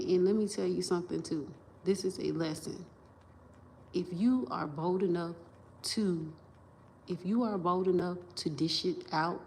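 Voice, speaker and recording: A woman's voice: lowish voice, vocal fry, darkish tone, a little hiss or hum. A woman on a livestream, talking in a rambling, emphatic and profane way, restarting sentences and repeating herself into a phone camera.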